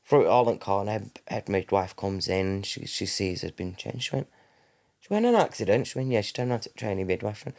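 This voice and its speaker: A man in his thirties with a fairly low voice tells a long personal story. He rambles, corrects himself as he goes, and acts out what each person said. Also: fairly quick, vocal fry, darkish tone. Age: 30s. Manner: rambling, self-correcting, acts out quoted dialogue. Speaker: guest.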